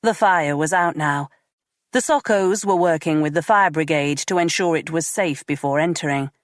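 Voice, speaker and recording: A woman narrating a crime audiobook in a measured, even read. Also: sits low, no echo, studio quality.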